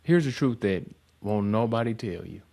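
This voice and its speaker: A man with a fairly low voice talks straight to camera as the host of a tech career channel. He delivers a blunt motivational monologue, swears freely and mocks the people he describes, his voice jumping higher whenever he acts out the conversations. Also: normal speed, gravelly. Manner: profane, animated, mocking.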